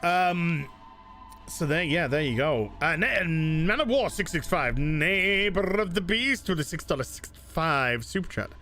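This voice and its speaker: Animated English man streaming a game. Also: fairly high pitch, a little slow. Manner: animated, rambling, frequent fillers and restarts. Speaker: gaming streamer reading donations. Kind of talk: casual live-stream chat while playing. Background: game music.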